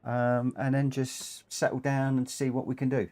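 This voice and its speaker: A man's voice: medium pitch, completely flat delivery, moderate pace, noisy background. A man chatting through a live racing game stream, rambling with frequent ums, a bit short of breath and coughing now and then. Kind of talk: live gameplay commentary.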